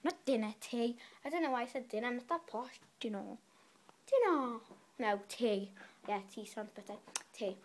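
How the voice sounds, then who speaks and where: A woman's voice: fairly high pitch, lively intonation, a little fast, hardly any pauses, slight background noise. Rambling chatty girl vlogging. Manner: rambling, self-correcting and chatty. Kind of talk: casual vlog chat. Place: bedroom.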